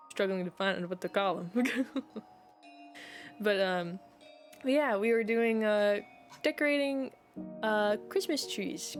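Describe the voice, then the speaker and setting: A woman streamer chatting casually, rambling and giggling with plenty of fillers. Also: medium pitch.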